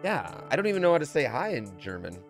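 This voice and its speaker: A man streaming a game from a room at home, chatting in a playful way that swings between low muttering and loud calls. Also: sing-song, fast talker, creaky, over music. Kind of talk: live gameplay commentary.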